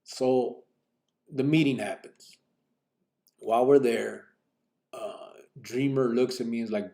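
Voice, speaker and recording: A man recounts a story his past in loose street slang, trailing off with plenty of fillers. His voice is gravelly and dark, and it jumps higher and louder when he quotes what others said. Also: steady tone, slow pace, pauses often. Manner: acts out other people's lines in a raised voice. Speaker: podcast host telling his life story. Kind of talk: casual spoken storytelling.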